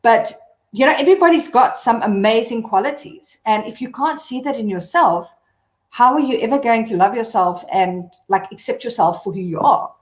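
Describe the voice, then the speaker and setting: A woman's voice: fairly high pitch, lively intonation, moderate pace. A woman blogger as a guest on a casual live video chat, talking candidly in a rambling way with many fillers. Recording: echoey room.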